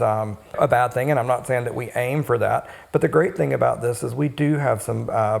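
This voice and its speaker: A man who works as a cosmetic injector, co-hosting an educational podcast and explaining steadily with frequent pauses. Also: mid-range voice, vocal fry.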